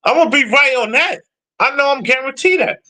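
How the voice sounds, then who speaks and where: A man's voice: extremely high pitch, lively intonation, brisk, sharp tone. A man ranting casually about football predictions, blunt and profane as he answers his chat. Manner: profane, blunt, trash-talking. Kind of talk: casual sports rant.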